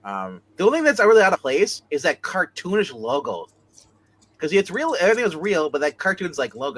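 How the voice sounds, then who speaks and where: A man's voice: high voice, big pitch swings, a little fast. A man co-hosting a casual livestream, rating comic covers and reading chat comments, laughing often.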